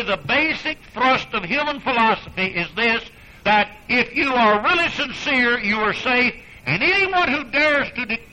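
High, piercing-voiced Baptist preacher. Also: male voice, poor audio. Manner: emphatic, swings from loud declarations to low asides; folksy and sarcastic storytelling. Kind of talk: sermon.

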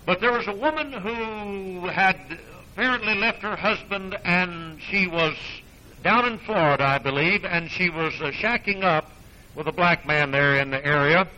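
High, piercing-voiced Baptist preacher. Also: male voice, normal speed, a little hiss or hum, rough recording. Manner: emphatic, swings from loud declarations to low asides; folksy and sarcastic storytelling. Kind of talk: sermon.

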